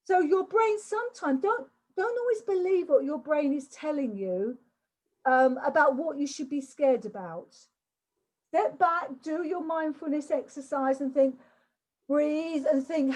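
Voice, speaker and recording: A woman's voice: high-pitched, measured pace, a little mellow, low-quality recording. An older woman from England giving a chatty online workshop talk over a video call, often repeating words and restarting. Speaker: workshop speaker.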